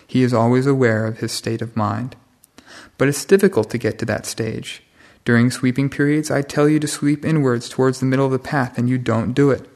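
A man's voice: mid-range voice, steady tone, brisk, darkish tone. A man, a senior monk, giving a stern, plain-spoken Dhamma talk to monks and novices.

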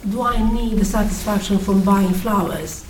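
Woman, audience question, hesitant and halting, far from the mic, audible room noise behind. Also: mid-range voice, echoey room. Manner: hesitant, searching, halting restarts. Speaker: audience member asking a question.

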